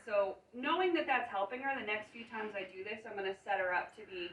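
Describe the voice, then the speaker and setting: Calm, praising woman horse trainer recorded from afar in a roomy space. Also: mid-range voice, brisk, hardly any pauses. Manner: calm, praising, explains as she works. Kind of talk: hands-on training demonstration. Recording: roomy, distant, faint ambient noise.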